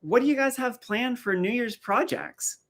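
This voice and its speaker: A man's voice: very high-pitched, normal speed, a bit bright. A man from rural eastern Canada hosting a live stream in casual chat, telling stories and answering viewer comments. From rural east coast of Canada.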